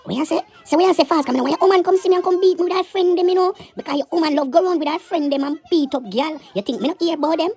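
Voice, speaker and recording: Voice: very high-pitched, rapid-fire, hardly any pauses. A performer with a Jamaican accent playing a brash, swearing, weed-smoking street guy in a comedy skit. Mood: gossipy. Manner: loud, swearing, boastful patois. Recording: noisy background.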